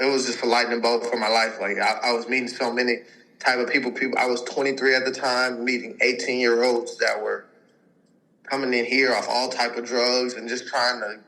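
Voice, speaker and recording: A man in his twenties who plays pro football tells a long, rambling personal story as a podcast guest, full of filler words and performed quotes from other people. His mid-range voice has a sharp tone, and the recording is low quality.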